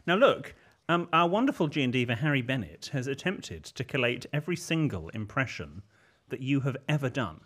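A man's voice: mid-range voice, sing-song, brisk, a bit bright. A man co-hosting a podcast, chatting in a dry, arch manner. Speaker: podcast co-host. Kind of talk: casual chat.

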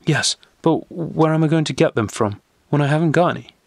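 A man's voice: on the high side, fairly quick, creaky, no room sound, pitched above the performer's own voice. A man voicing a frightened young schoolboy who pleads nervously, in an audiobook reading. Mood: pleading.

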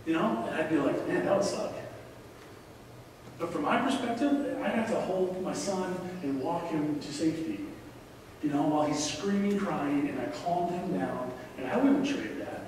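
A man's voice: on the high side, lively intonation, normal speed, darkish tone. A man in his forties giving a conversational sermon as a guest preacher, repeating key lines and pleading with the congregation. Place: large church sanctuary. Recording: echoey hall from far off, faint noise.

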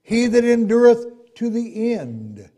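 A man preaching a sermon, swinging between loud emphatic points and low asides, acting out the people he quotes. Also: sing-song, slow pace.

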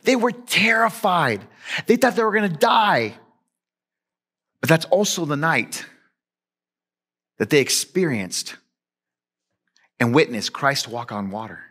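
Animated male pastor preaching. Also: on the high side, slow pace, pauses often, breathy edge. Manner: animated, conversational preaching with emphatic swings from loud to hushed. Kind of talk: sermon.

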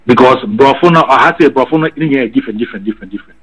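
A Ghanaian man with a husky, breathy voice holds a casual chat. He slips between Twi and English and doubles back on his words. His pitch sits in a middle range. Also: racing, fairly bright tone, soft background music, rough recording. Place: living abroad in England.

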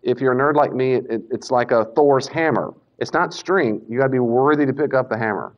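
A man teaching a Bible class in a casual lecture style, animated and self-correcting, now and then acting out the speakers he quotes. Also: medium pitch, brisk, hardly any pauses. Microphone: Bluetooth mic that cuts out. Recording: dull lo-fi lecture recording.

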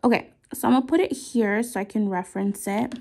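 A young woman, a nail artist vlogger, gives casual work-along narration of her nail art in a slow, soft-spoken way. Her voice is medium-pitched with vocal fry, often trailing into whispers as she concentrates.

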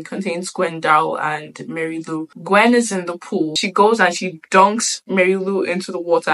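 A woman's voice: on the low side, a bit bright, poor audio. A woman book vlogger chatting casually as she retells a story, with many fillers. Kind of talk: casual book review chat.

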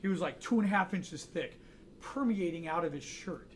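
A man's voice: sits high, animated, moderate pace, slight background noise. A man teaching a drawing class, chatting casually and joking through anecdotes in front of students. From United States. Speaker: art instructor.

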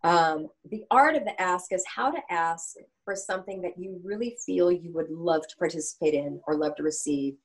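A woman in her sixties, a coach and author, answers interview questions with lively anecdotes. She slips into the voices of the people in her stories, speaking in a somewhat low register. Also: moderate pace, few pauses, low-quality recording. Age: 60s. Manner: animated, anecdotal, acts out dialogue.

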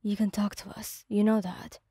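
A woman reading the part of a cheerful, caring young man who speaks softly and reassuringly. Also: mid-range voice, level tone, moderate pace, slightly rough, dry recording, studio quality. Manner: soft, reassuring. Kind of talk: fanfic audio reading.

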